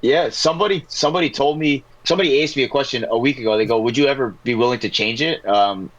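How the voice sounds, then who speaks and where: A man's voice: medium pitch, quick pace, a bit bright, muffled recording. Laid-back man with a weakened New Jersey accent. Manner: loose, laid-back storytelling with swearing. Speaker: guest, pro player. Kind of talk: casual podcast chat.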